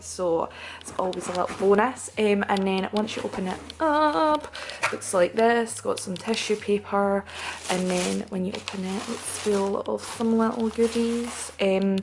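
A young woman chatting excitedly to camera in a hotel room as a fashion vlogger, rushed and chatty. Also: mid-range voice, slight background noise. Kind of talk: casual vlog chat.

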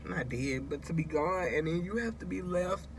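A woman's voice: lowish voice, normal speed, a little hiss or hum. A woman vlogging in a casual, confiding way, emotional and close to tears, rambling and talking straight to her viewers. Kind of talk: casual confessional vlog.

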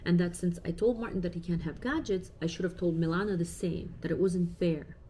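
Chatty mother with a mellow, low voice. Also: fairly even intonation, fairly quick. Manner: chatty, reflective, uses many fillers. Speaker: parent vlogger. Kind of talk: casual talk to camera.

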